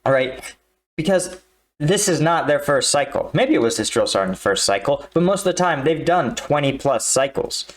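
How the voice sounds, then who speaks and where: A man's voice: on the high side, lively intonation, moderate pace. Army vet guy hosting reactions, casual talk, keeps saying right?. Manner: conversational, leans on tag questions like "right?". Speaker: reaction video host, army combat veteran. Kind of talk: casual commentary.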